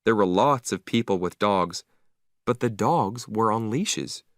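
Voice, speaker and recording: A man narrating a simple story slowly and clearly for English learners, with an expressive reading. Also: on the low side, no echo, studio quality.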